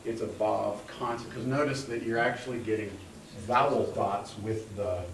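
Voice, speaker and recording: A man's voice: fairly low pitch, fairly even intonation, moderate pace, gravelly, recorded from a distance. Man teaching in an echoey classroom. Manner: patient, explains step by step, calls on students. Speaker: Hebrew teacher. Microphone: room mic from a distance. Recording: echoey classroom, recorded from afar, faint hum.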